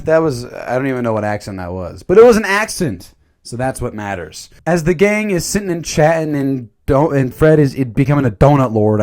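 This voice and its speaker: A man reviewing a movie in a casual, jokey commentary. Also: medium pitch. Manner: animated, jokey, slips into silly voices.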